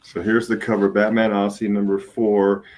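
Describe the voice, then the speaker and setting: A man dealing in comic art, giving a relaxed, easygoing sales pitch. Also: moderate pace.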